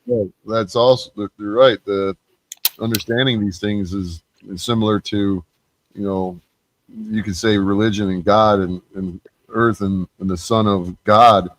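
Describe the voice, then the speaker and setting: A man's voice: lowish voice, fairly even intonation, measured pace, a little hiss or hum, poor audio. A man in a casual panel discussion who speaks hesitantly, restarting his sentences. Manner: hesitant, many fillers and restarts.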